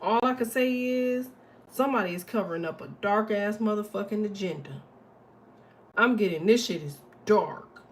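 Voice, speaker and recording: A woman's voice: medium pitch, moderate pace. A woman giving a casual astrology and tarot reading, talking bluntly and profanely, rambling with lots of fillers.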